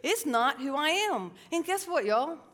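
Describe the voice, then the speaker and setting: A middle-aged woman tells stories from a stage in a lively, self-mocking way, often calling the crowd y'all. Her voice rings out with the long reverb of a large hall. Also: high voice, measured pace. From South Carolina, US. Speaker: psychotherapist giving a stage talk. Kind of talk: storytelling stage talk.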